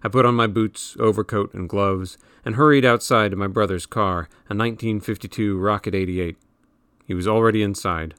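A man reading a novel aloud in measured, wry audiobook narration. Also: fairly low pitch, fairly even intonation, fairly bright tone, clean tone, no echo, clean studio sound.

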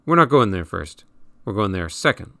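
A man's voice: lowish voice, very animated, moderate pace, bright, forceful tone, dry recording, heavily acted. A man voicing a worldly, lecturing teenage older brother who explains everything in a slightly raised, dry-recorded voice. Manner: bossy, explaining.

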